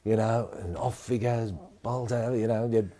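A man with an Australian accent, co-hosting a deadpan mock sports commentary, rambling with many fillers. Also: medium pitch, moderate pace. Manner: rambling, hesitant, lots of fillers. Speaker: comedy co-host.

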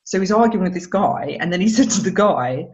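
Woman comic on a podcast, animated storyteller, laughs a lot, kinda muffled lo-fi audio. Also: fairly low pitch, fairly quick. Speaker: stand-up comedian guest. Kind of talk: casual podcast conversation.

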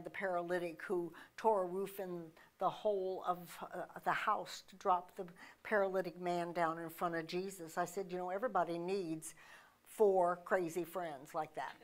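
Emphatic woman preaching a sermon. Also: lowish voice. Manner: emphatic, conversational preaching with restarts and rhetorical questions. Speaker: minister.

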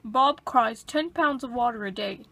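A woman narrating a toy figure skit in the flat style of a mock documentary. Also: on the high side, normal speed, loud music behind the voice. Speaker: video creator and narrator.

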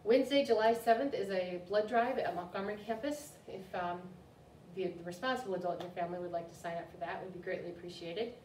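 A woman's voice: medium pitch, fast talker, a little mellow, a little hiss or hum. A woman children's librarian hosting a story time in an upbeat, chatty way, recorded in a library room. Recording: roomy room, distant mic, faint ambience.

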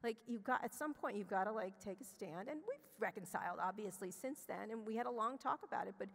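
Long hall reverb surrounds a middle-aged woman's mid-range voice, which has vocal fry and lively intonation. As an interview guest on a conference stage, she shares a blunt, profane personal story. She keeps restarting her sentences in her hurry.

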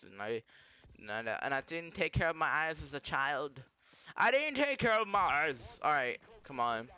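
A young man giving rambling, excitable live commentary over his gameplay, often stopping to correct himself. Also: a little high, smooth. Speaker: gaming commentator.

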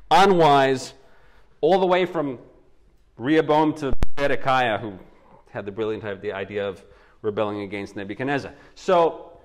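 A male pastor preaching a sermon and telling it as animated stories with acted-out quotes. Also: a little high, a little hiss or hum. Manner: animated storytelling, acts out quotes.

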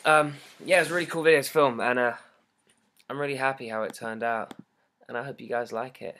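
A British teenage boy rambles through a fan livestream, reading comments aloud and joking as he goes. His voice sits at an ordinary pitch for a young man, and he comes through a simple laptop or webcam mic. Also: a little fast, a little hiss or hum. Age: teens. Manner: excitable, rambling, jokey. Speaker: singer hosting a fan livestream.

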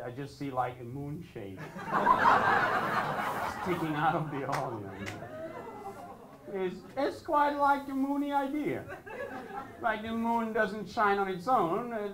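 A Flemish stand-up comedian in his 30s from Belgium, a native Dutch speaker, performs live in an echoey club with audience laughter. His high male voice moves slowly, with halting restarts that build into indignant, shouted rants. The recording is very noisy.

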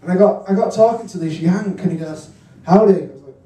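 Fast-talking and high-voiced, a young male comedian from Hull, England performs stand-up in a hotel function room. His deadpan one-liners are peppered with ums and crude punchlines. The live capture is distant and echoey, with noise.

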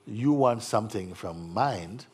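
Guy with a bit of a lilt giving a spiritual talk, lowish husky voice, playful and teasing. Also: animated, unhurried. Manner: gentle, playful, acts out voices and laughs. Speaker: spiritual teacher. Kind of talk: satsang talk to an audience.

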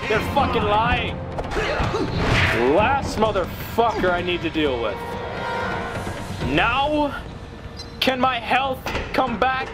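Young male gamer with a high, lively voice and a slow delivery, screaming and cursing over loud game music. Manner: yelling and swearing at the game. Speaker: gaming YouTuber. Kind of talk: angry gameplay commentary.

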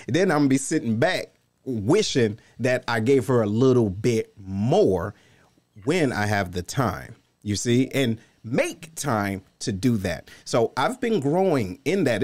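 A man's voice: medium pitch, a little mellow. A man co-hosting a podcast in casual, emphatic conversation, a father talking with a co-host.

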